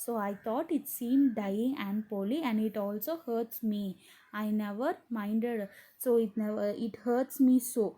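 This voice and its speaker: A woman's voice: a little high, fairly even intonation, normal speed, warm tone, natural voice. A teacher reading as a sheepish young boy. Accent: Tamil.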